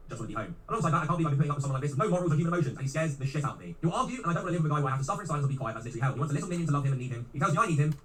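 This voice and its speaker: A man's voice: fairly high pitch, lively intonation, fairly bright tone. A man, a commentary YouTuber, reading messages aloud and commenting bluntly and matter-of-factly. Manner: rapid, blunt, matter-of-fact.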